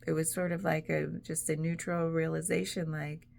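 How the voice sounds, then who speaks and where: Woman vlogger, casual rambling reflection, heavy vocal fry, lower pitch. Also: level tone, moderate pace, a little mellow. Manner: rambling, chatty, laughs often, many "like"s.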